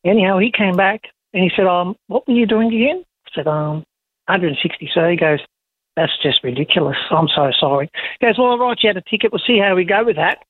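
A man calling in to a radio show, telling an animated story and acting out the voices of the people in it. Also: sits high, quick pace, no room sound. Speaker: caller. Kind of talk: phone-in storytelling. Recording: tinny phone line.

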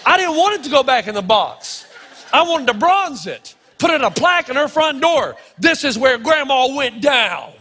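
A middle-aged man preaching a sermon, telling stories in short, punchy phrases with dramatic pauses. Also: very high-pitched, sing-song, sharp tone. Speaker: pastor. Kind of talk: sermon with storytelling. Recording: long hall reverb.

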